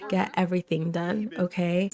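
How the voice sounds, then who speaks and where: A woman's voice: lowish voice, fairly even intonation, moderate pace, darkish tone. A young woman casually commenting on her life-simulation game, gushing over her characters and voicing their chats. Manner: gushing, chatty, voices the characters' thoughts. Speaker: let's play host.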